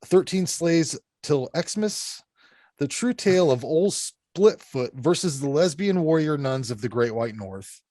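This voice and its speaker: A man's voice: on the high side, animated, measured pace, mellow, no room sound. A man hosting a horror movie podcast, talking bluntly and profanely, rambling with lots of fillers. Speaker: podcast host. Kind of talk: casual podcast review chat.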